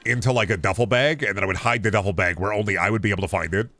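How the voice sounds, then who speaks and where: Joking streamer man with a low-ish voice. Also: racing, pushed and bright, no room sound. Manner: joking, swears casually, restarts and trails off; answers chat questions while playing. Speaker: live streamer playing a video game. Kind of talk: casual rambling stream chat.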